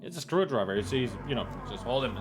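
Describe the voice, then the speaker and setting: A man's voice: mid-range voice, expressive, fast talker, background noise. A man doing casual commentary while playing a video game, rambling and cracking mock-serious jokes. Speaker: let's play gamer. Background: game music.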